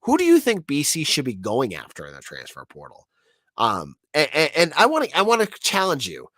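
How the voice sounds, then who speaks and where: Sick, nasal-voiced man, lively delivery. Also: a little high, fairly quick, dry recording, clean studio sound. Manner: lively, restarts often, speaks straight to the audience. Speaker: podcast host. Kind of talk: casual sports commentary.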